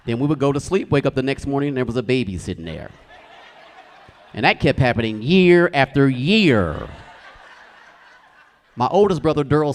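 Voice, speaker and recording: A young man from the United States performing a stand-up comedy set in a club, telling stories loudly and shouting his acted quotes. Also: medium pitch. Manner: animated, loud storytelling with shouted acted quotes. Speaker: stand-up comic. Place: comedy club stage with a live audience.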